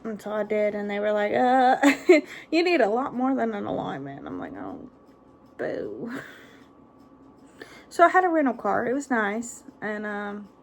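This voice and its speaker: Chatty gravelly-voiced woman vlogger. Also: mid-range voice, big pitch swings, moderate pace. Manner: chatty, rambling, laughs often. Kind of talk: casual chat.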